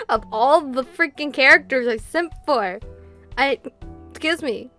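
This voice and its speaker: A woman's voice: high voice, slow pace. Giggly young woman reading a visual novel. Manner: giggly, excitable reactions between read-aloud passages. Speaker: streamer. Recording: faint game music behind.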